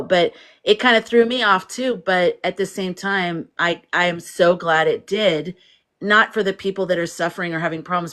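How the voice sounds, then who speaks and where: A woman's voice: fairly low pitch, fairly bright tone. A woman hosting a casual livestream, chatting freely, reading viewer comments aloud and laughing often. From United States. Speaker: livestream host.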